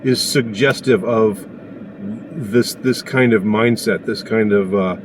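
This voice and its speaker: A man giving a casual opinion monologue, indignant and sarcastic, pausing often as he talks. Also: lowish voice, noisy background. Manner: indignant and sarcastic, halting with many pauses. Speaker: commentator.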